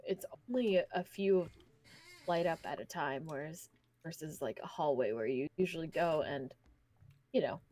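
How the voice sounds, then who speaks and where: A woman narrating as game master in a casual tabletop session, halting and relaxed with many fillers. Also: fairly low pitch.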